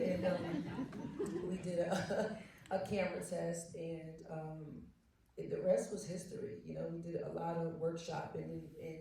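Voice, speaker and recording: A woman actor on a panel telling stories in a lively way and laughing often. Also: on the low side, normal speed, gravelly, slight background noise. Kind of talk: animated anecdote telling. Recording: echoey hall, mic far off.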